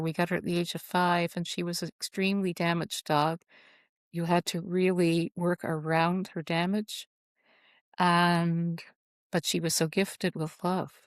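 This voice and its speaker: Low-voiced woman telling heartfelt stories. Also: dry recording. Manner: rambling, heartfelt, halting restarts. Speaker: author guest. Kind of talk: casual interview storytelling. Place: at home.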